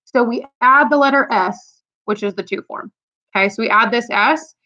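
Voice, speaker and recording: A woman's voice: on the high side, normal speed, sharp tone. A woman teacher talking students through a quiz in an upbeat, chatty lesson, speaking directly to them. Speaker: Spanish teacher. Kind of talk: recorded lesson walkthrough. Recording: dull lo-fi sound.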